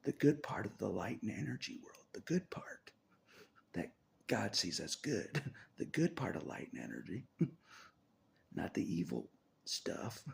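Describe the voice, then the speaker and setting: A man's voice: on the low side, big pitch swings, unhurried, creaky, pauses often, breathy edge. A man talking on his own about faith, half-whispering and laughing often as he rambles in a restless, searching way. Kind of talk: rambling spiritual monologue.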